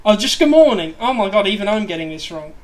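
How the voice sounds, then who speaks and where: A man's voice: high voice, fast talker, fairly bright tone. A man hosting a casual livestream, chatting in a rambling, self-deprecating way. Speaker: livestream host. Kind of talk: casual chat on a gaming livestream.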